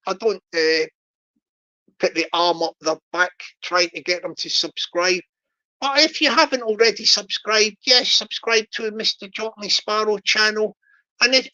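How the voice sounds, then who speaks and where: A woman's voice: medium pitch, pushed and bright, muffled recording. A woman hosting a live stream, chatting casually to her viewers and telling a rambling story, repeating herself and talking straight to the chat. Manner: repetitive, chatty, addresses the chat directly.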